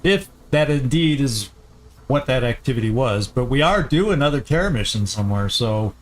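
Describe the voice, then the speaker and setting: A man hosting a let's play, giving casual gameplay commentary as he thinks aloud, often halting and restarting. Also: medium pitch, expressive.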